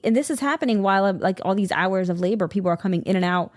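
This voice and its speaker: A woman's voice: medium pitch, steady tone, quick pace, few pauses. Woman telling a heated personal story. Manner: emotional, heated personal storytelling with frequent restarts. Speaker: podcast co-host. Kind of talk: casual podcast conversation.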